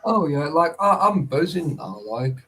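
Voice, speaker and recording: Bloke, guest on a chat, a bit high-pitched, sweary and matey. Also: male voice, expressive, unhurried, bright, forceful tone, breathy edge, rough recording. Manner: chatty, swears freely, calls people mate. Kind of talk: casual chat.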